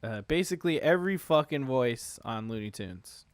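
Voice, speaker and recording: A man's voice: mid-range voice, expressive, moderate pace, no echo. Laid-back swearing male podcast host. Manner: laid-back, swears freely, laughs often. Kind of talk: casual chat.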